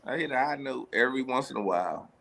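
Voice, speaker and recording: A man's voice: medium pitch, animated, quick pace, creaky, a bit bright. A man chatting playfully and laughing easily. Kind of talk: casual chat.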